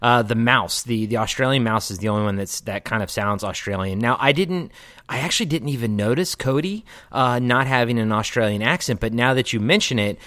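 A man's voice: medium pitch, brisk, a bit bright, no room sound. A man guesting on a podcast, chatting casually about a movie, agreeable and enthusiastic. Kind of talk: casual movie breakdown chat.

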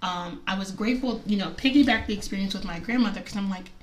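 A woman's voice: mid-range voice, quick pace, distant mic, a little hiss or hum. A woman in her thirties telling a personal story in casual talk, chatty and emotional, with many fillers and frequent laughs.

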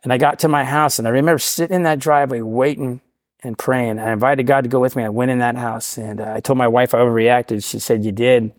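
A middle-aged man tells a personal story at a quick clip and puts on the voices of the people in it. The recording is dry and close, with no room sound. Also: medium pitch, no echo. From Portland, Oregon area. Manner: animated storyteller, acts out quoted voices. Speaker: guest sharing recovery story. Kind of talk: casual storytelling.

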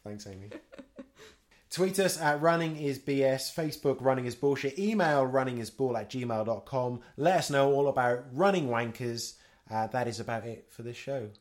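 A woman's voice: very deep voice, moderate pace, darkish tone. A woman co-hosting a casual podcast, dry and blunt, swearing freely while reading out the show's sign-off. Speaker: podcast co-host. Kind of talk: casual chat.

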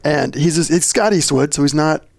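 Man on a podcast, matter-of-fact, gravelly, slightly higher pitch. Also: normal speed, no echo. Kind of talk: casual chat.

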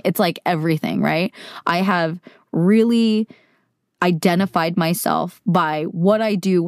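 A woman's voice: fairly low pitch, a little mellow, dry recording, clean studio sound. A woman from California, a voice actor, talking earnestly and openly to her viewers in a casual, filler-heavy way. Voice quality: casual, heavy use of "like", mild swearing. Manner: earnest, reflective, emotionally open. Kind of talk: candid personal monologue to viewers.

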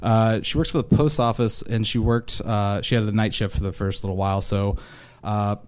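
A young man from Arkansas, a stand-up comedian telling wry, self-deprecating stories with animated impressions. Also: on the low side, normal speed, clear, resonant tone. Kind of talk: stand-up storytelling.

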